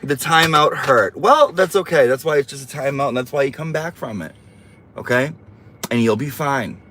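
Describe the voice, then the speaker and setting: A man's voice: medium pitch, normal speed, sharp tone, a little hiss or hum. A man hosting a casual livestream, reading viewer comments aloud and teasing them in a sassy, campy way.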